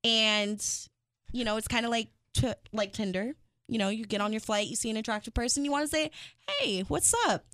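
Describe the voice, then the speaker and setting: A woman's voice: on the high side, steady tone, fairly quick, fairly bright tone, clear, resonant tone. A woman hosting a radio chat show, brash and profane. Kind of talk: casual chat.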